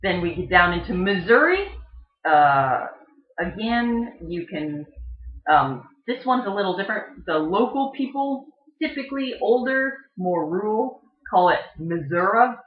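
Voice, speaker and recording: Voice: medium pitch, animated, a little slow. A presenter casually explaining regional differences, talking with lots of ums and uhs and imitating how words are pronounced in different places. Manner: chatty, filler-heavy, mimics regional pronunciations. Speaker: video presenter. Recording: dull, echoey home recording.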